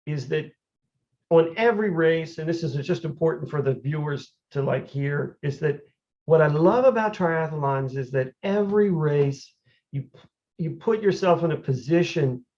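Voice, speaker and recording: A man, a podcast guest, telling his story in a casual, animated way, full of "like" and "you know". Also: fairly high pitch. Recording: dull, lo-fi audio.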